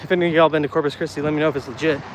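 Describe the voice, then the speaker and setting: A man's voice: fairly high pitch, fairly even intonation, very fast. Male vlogger, casual walk-and-talk on a phone outdoors, a bit breathless, light traffic sounds behind. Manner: chatty, rambling, easily worked up. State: slightly out of breath from walking uphill. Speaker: vlogger chatting with live viewers. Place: outdoors on city streets. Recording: faint street noise outdoors.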